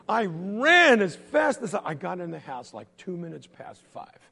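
Man, comic storyteller, high creaky voice, husky, animated, long hall reverb. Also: normal speed. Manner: animated, swings between loud bursts and hushed asides. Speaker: comedian.

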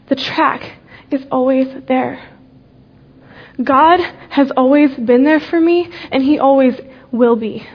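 A young woman tells the story of her faith earnestly in a high voice, unhurried and full of deliberate pauses, letting important words drop soft. The audio is dull.

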